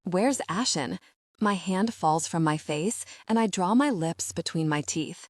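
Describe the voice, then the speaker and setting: A woman voicing an excitable, devoted young female friend, pitched well above her own voice, in an audiobook. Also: unhurried, no echo, studio quality. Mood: probing.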